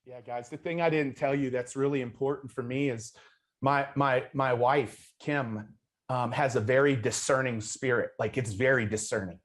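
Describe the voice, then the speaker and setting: A man of middle pitch hosts an interview. He talks casually and earnestly and keeps restarting his phrases as he goes. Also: fairly even intonation, moderate pace. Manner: earnest, loose with frequent restarts. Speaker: host.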